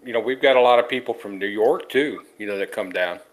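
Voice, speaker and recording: A man's voice: lowish voice, quick pace, rough recording. A man from Georgia chatting casually and laughing along. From Georgia, United States. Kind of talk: casual chat.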